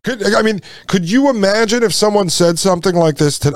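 A man's voice: high-pitched, a little fast, no echo. A man hosting a podcast, reading a text aloud and breaking off into sarcastic commentary. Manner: sarcastic, mocks with put-on voices. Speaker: podcast host.

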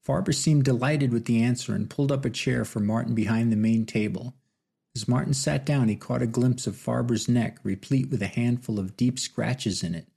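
A man narrates a novel in a steady, measured way. His voice is gravelly and husky, with a dark, mellow tone. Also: mid-range voice. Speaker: audiobook narrator. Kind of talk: scripted narration.

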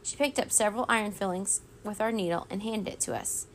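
A woman reading a children's storybook aloud in a steady, expressive way. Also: medium pitch, brisk, a little hiss or hum. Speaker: reader.

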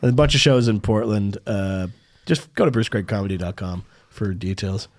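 A man, a comedian who works the door at a club, chatting casually and bragging in a profane, quick way. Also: fairly low pitch. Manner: boastful, profane, fast-talking. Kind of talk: casual podcast banter.

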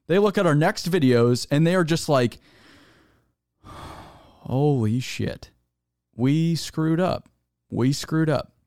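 A man's voice: mid-range voice, darkish tone, no echo, studio quality. A man hosting his own solo podcast, talking in a fired-up, emphatic way, swearing and repeating words for stress. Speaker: podcast host.

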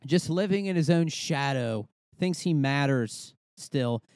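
A young podcast host rants in a loose, comedic way, swearing freely and drifting into asides. His voice sits a little high for a man and swings widely in pitch. The recording is close and dry. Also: takes it slowly, no room sound. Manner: animated, swearing, rambling with frequent asides. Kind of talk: casual comedic rant.

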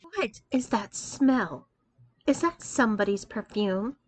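A domineering young college woman, read by a woman narrator, commanding and taunting in a confident, slightly high voice. She bosses and teases in an audiobook-style story reading. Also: animated, slow pace, slightly rough, full character voice.

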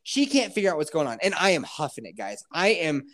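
A man hosting a podcast, telling a story in a casual, animated way, full of swearing and acted-out quotes. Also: fairly high pitch, fairly quick. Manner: animated, profane, acts out quotes. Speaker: podcast host.

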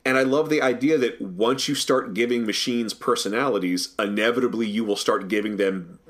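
A man co-hosting a podcast, talking in an enthusiastic, animated way and often repeating words as he starts a thought. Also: mid-range voice, normal speed. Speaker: podcast co-host. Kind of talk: casual discussion.

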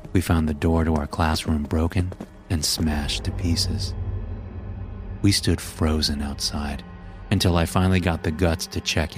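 A man narrating a scripted horror story in a measured, grim way. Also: a bass voice. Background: background music.

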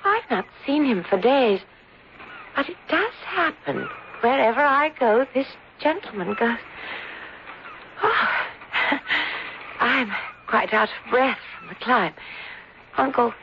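Pale melancholy young lady, fragile manner, vocal fry, old radio drama, hiss. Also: a little high, animated, takes it slowly, long pauses, muffled recording. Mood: wistful. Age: young adult. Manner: wistful, fragile. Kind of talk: 1940s radio acting.

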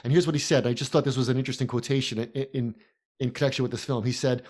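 A man co-hosting a podcast who analyzes a film in a casual way and walks through scenes in lively detail. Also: mid-range voice, rapid-fire. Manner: animated storyteller, recounts scenes in detail. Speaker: podcast co-host.

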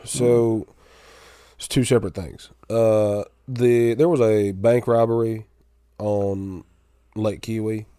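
A man with a drawl tells a story in a relaxed, deadpan way, with a fairly low voice. The mic sound is close and dry, with no room around him. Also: takes it slowly, clean tone, no room sound. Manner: drawling, deadpan storyteller who acts out both sides of a quarrel. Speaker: podcast co-host. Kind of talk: casual storytelling chat.

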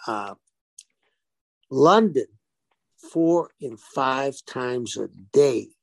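A man's voice: mid-range voice, very slow, vocal fry, no echo. A man, a former pro wrestler, telling stories in a casual interview and acting out the dialogue as he goes. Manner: animated storyteller who acts out quoted dialogue.

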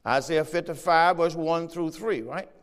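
A man's voice: on the high side, a little slow, long reverb tail. A man preaching a sermon as pastor, reading scripture aloud and checking in with the congregation. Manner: preaching with call-and-response asides; reads scripture aloud in a raised voice. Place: church.

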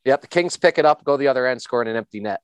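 A man's voice: medium pitch, animated, very fast, clean tone, no room sound. A middle-aged man, a former hockey player, telling stories in a casual, rambling chat and often repeating words as he starts a sentence.

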